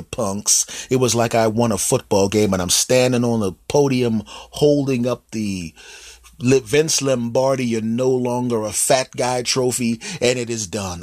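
A man hosting a podcast, telling a comic monologue in an animated, playful, teasing way. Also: medium pitch, no echo, clean studio sound. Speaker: podcast host. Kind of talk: comedic monologue.

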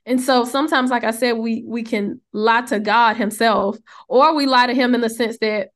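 A woman with a somewhat high voice co-hosts a faith podcast. She talks earnestly and casually, acting out little quoted prayers and conversations as she goes. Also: steady tone, moderate pace, fairly bright tone. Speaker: podcast co-host.

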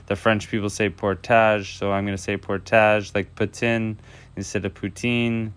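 A man's voice: fairly low pitch, level tone, moderate pace, fairly bright tone, clean tone. A man hosting a casual solo podcast from an empty house, rambling loosely with lots of filler words. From Canada. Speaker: podcast host.

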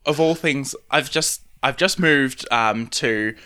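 A man's voice: mid-range voice, slow pace, sharp tone, clear, resonant tone. A young Australian man hosting a podcast, chatting casually with lots of fillers and small laughs. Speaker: podcast host. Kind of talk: casual interview chat.

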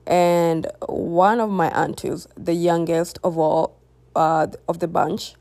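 A woman's voice: on the low side, fairly even intonation, takes it slowly, gravelly, a little mellow, no room sound. A young woman telling a personal story to her viewers in a candid, reflective way. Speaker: vlogger. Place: home near a busy road.

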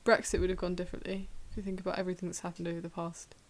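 A woman's voice: fairly low pitch, flat delivery, very fast. A woman leading a casual chat, asking her friends questions and laughing often. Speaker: podcast host asking questions.

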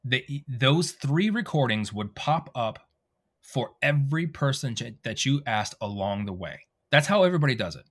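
A man, a voice actor, telling animated stories in a casual interview and acting out quoted dialogue. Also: mid-range voice, normal speed. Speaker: voice actor guest.

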